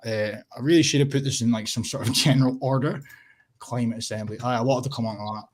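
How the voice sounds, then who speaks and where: Scottish male streamer, husky, sweary, rambly, casual chat. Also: mid-range voice, steady tone, quick pace. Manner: sweary, rambling, laughs often. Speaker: livestream host.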